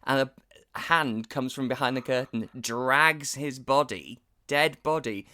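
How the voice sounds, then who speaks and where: A man hosting a podcast in a casual, animated chat, often laughing and acting out quotes. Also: mid-range voice, a little slow. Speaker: podcast host.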